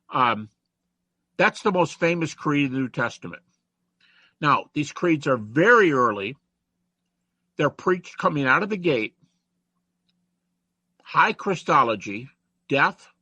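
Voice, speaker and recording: A man's voice: mid-range voice, sharp tone, no room sound. A man giving a conversational classroom lecture to students, reciting rhymes and verses as he goes.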